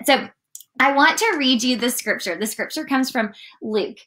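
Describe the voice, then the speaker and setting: A woman giving a casual morning devotional, chatty and animated, often saying "like" as she reads and talks. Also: high-pitched, moderate pace. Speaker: church devotional leader.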